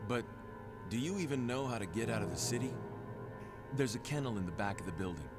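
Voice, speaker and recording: An actor playing a curt, guarded cop in a horror video game, heard over game music. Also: male voice, medium pitch, expressive, brisk, lightly acted. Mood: urgent.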